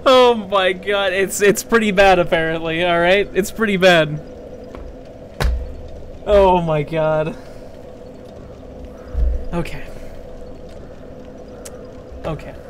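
A man's voice: high-pitched, takes it slowly, pauses often, a little hiss or hum. A young man commenting live on his gameplay, yelping and pleading in danger and joking with sarcastic bravado. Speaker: streamer.

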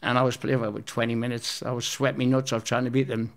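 A man's voice: mid-range voice, level tone, fast, vocal fry. A man, telling rambling, sweary anecdotes as an interview guest. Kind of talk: casual storytelling.

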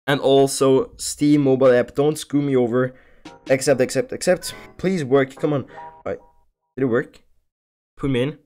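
A man's voice: mid-range voice, steady tone, normal speed, darkish tone, soft background music. A young man streaming online gambling, talking casually to viewers, often pleading and swearing in exasperation.

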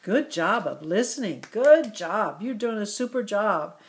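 A woman teaching young children, asking questions about a story and praising their answers in a slow, encouraging way. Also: medium pitch, lively intonation. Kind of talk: story comprehension lesson for children.

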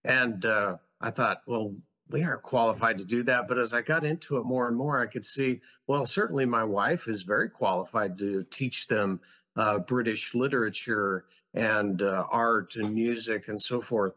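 A man's voice: fairly low pitch, normal speed, pushed and bright. A man who founded a school, a guest on a podcast, telling his story in an earnest, passionate, reflective way. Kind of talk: conversational storytelling.

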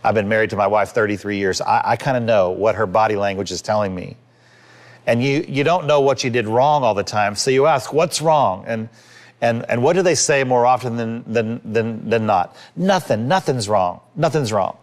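A man's voice: fairly low pitch, a little fast. A man in his fifties, a pastor giving a sermon in an earnest, conversational way, acting out little quotes.

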